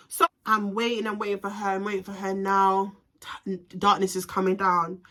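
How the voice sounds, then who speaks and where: Young woman vlogger, fired-up storyteller, sharp bright tone, swears freely and mixes in Jamaican patois slang. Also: medium pitch. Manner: animated, ranting, heavy swearing. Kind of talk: storytime vlog.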